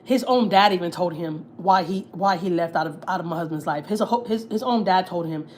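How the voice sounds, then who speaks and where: A woman's voice: on the low side, brisk, a little mellow, slight background noise. Heated, profane woman telling gossip. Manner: blunt, heated and profane, with lots of fillers. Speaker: family vlogger on a livestream. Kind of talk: casual storytelling, gossip.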